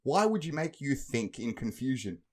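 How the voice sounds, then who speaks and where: Casual chat and lively storytelling come from a young male podcast co-host who swears and laughs freely. He speaks at normal speed in a medium-pitched voice.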